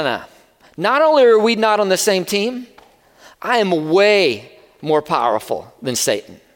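Male preacher, high voice, chatty and animated sermon delivery, reverberant church hall. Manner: conversational, animated preaching with asides. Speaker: pastor.

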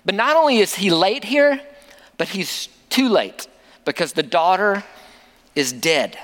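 A man's voice: sits high, lively intonation, a little slow, a bit bright, in a large hall. A man preaching a sermon as a pastor, conversational, with many rhetorical questions to the congregation.

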